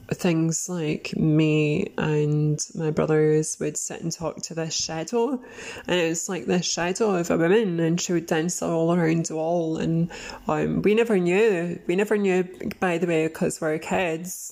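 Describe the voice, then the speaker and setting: A woman's voice: deep voice, level tone, slow pace, gravelly, a little mellow. A woman hosting a podcast, telling a story casually, rambling with many fillers and laughing often. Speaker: podcast host.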